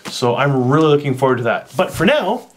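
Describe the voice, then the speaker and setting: A man's voice: medium pitch, big pitch swings, a little fast. A man casually chatting while tasting and describing a snack for his vlog, recorded on a camera mic at home. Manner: chatty, rambling, eats on camera. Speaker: vlogger.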